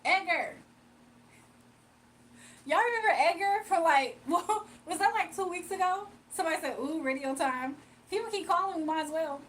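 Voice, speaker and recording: Her voice is very high-pitched and moderately paced as this young woman runs a laid-back livestream, reading viewers' comments aloud, joking around, and laughing a lot. The low-quality recording carries a little hiss or hum.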